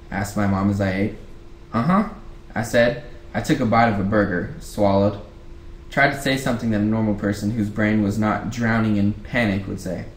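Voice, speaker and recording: A man reading a novel aloud in a relaxed, casual book-club way, often going back over a line. The recording sits in a roomy, echoey space with a faint hiss underneath. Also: lowish voice. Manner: rereads lines, breaks off to chat.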